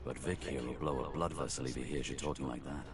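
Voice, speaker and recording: A man's voice: a bass voice, fairly even intonation, fast talker. A man voicing a wry, easygoing adventurer with a dry manner.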